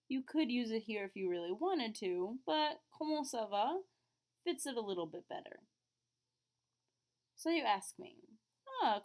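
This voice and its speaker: A woman's voice: a little high, a little mellow. Patient woman teaching French pronunciation. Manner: clear, patient explaining with modeled pronunciation. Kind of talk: classroom lesson recording.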